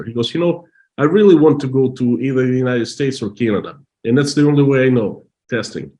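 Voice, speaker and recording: Man, Russian accent, middle-aged, halting English, emotional, mid pitch. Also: lively intonation, a little mellow. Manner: halting, restarts often, emotional. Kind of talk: casual storytelling.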